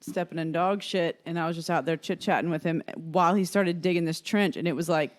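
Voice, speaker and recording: A woman's voice: fairly low pitch, quick pace. A woman co-hosting a podcast in casual chat, teasing her partner and laughing between remarks. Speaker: podcast co-host.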